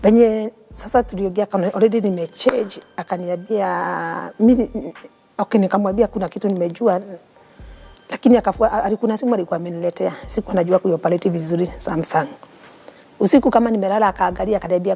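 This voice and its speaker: Kenyan woman with a gravelly, husky voice. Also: mid-range voice, fast, warm tone, faint music behind. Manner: mixes English and Swahili, earnest and heartfelt. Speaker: interview guest. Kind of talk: emotional personal storytelling.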